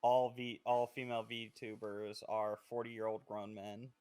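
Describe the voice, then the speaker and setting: A man's voice: lowish voice, little pitch movement, a little slow, mellow, smooth. A man joining a livestream as guest, talking in a laid-back, blunt way with casual swearing. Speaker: guest co-host. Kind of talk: casual stream chat.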